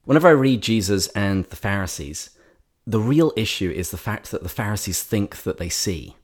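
A man hosting an interview, relaxed and reflective. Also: lowish voice, normal speed. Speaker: host.

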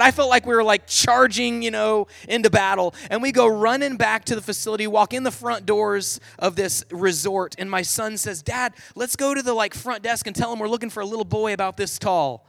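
A man's voice: high voice, creaky, fairly bright tone, no room sound. A middle-aged man telling a personal story in a sermon, then leading into prayer, earnest and vivid with lots of "like". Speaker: Catholic speaker.

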